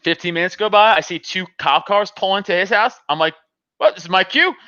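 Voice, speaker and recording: A man's voice: high-pitched, fast talker, clear, resonant tone, dry recording, lo-fi sound. A man telling a story in casual talk, laughing often and acting out the people in it, with plenty of swearing. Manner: animated, laughs often, acts out both sides of the argument. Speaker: podcast host telling a story.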